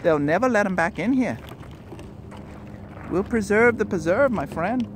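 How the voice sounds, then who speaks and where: A man's voice: high-pitched, expressive, measured pace, slight background noise. A man giving playful, jokey running commentary while riding along a nature preserve trail outdoors. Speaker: vlogger.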